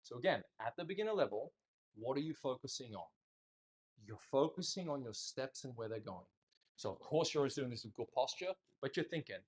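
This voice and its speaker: A man teaching a dance class in a studio, talking casually and in an animated way, joking bluntly and swearing now and then. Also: medium pitch, fairly quick. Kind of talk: casual instructional talk.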